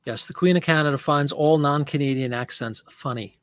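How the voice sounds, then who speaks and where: Speaking briskly in a slightly high, fairly bright, clean-toned voice, a man hosts a laid-back live selling stream with no room sound. He rambles, laughs often, and reads viewers' comments aloud as he responds to them in casual chat.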